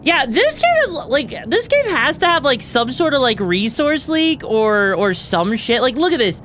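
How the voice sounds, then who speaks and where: A young woman streaming a video game, reacting excitedly, swearing freely and tossing in fillers and tag questions. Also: a little high, moderate pace, slight background noise. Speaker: VTuber streamer. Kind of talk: live gameplay commentary.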